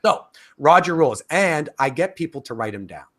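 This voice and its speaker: A man's voice: on the high side, very animated, moderate pace, fairly bright tone. A man teaching a course in a casual, talkative way, with frequent fillers and restarts. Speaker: course instructor. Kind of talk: casual spoken lecture.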